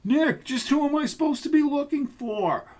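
Male reader as a high-pitched, whiny junkyard guy, defensive. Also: animated, normal speed, darkish tone. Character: bullied male junkyard worker.

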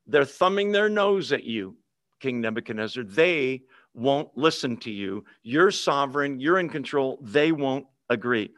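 A man's voice: mid-range voice, lively intonation, a little slow, a bit bright, dry recording, clean studio sound. A man teaching a Bible lesson in a conversational way, often checking in with his listeners.

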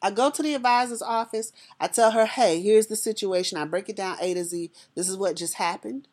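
A woman telling a personal story to an audience in a lively, conversational way, often speaking directly to her listeners. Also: mid-range voice, fairly quick.

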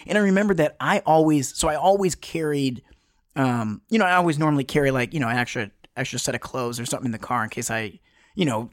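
A man talks in a loose, rambling way, full of fillers and restarts, often breaking into a laugh. His voice sits a little higher than most men's. The sound is close and dry, with no room around it. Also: no room sound. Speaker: guest. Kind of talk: casual storytelling chat.

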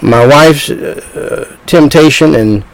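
Gravelly older man preaching bluntly. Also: fairly high pitch, slow, low-quality recording. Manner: blunt, rambling, repeats himself. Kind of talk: sermon.

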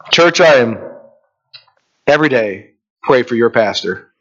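A man's voice: mid-range voice, a little slow, long pauses, a bit bright, dull audio. A man preaching a sermon as pastor, asking rhetorical questions and reading scripture aloud.

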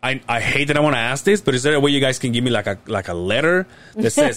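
A man's voice: mid-range voice, lively intonation, quick pace, fairly bright tone. A man in his late thirties hosting a podcast, telling a long, rambling story in casual chat and swearing freely. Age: late 30s. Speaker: podcast host.

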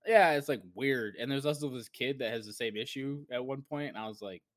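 A man's voice: mid-range voice, a little fast, no room sound. A man co-hosting a casual gaming podcast, rambling and acting out his own past reactions as he tells a story. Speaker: podcast co-host.

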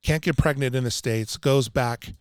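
Man, podcast guest, emphatic, repeats for effect, mid pitch, dead-dry sound. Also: normal speed, smooth, dry recording. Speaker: water filtration installer, guest. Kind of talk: casual podcast chat. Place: Utah.

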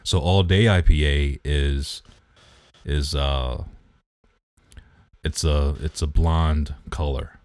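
A man's voice: extremely low pitch, fairly even intonation, takes it slowly, long pauses, a little mellow, no echo, clean studio sound. A man co-hosting a podcast in casual chat, teasing and nitpicking about beer. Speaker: podcast co-host.

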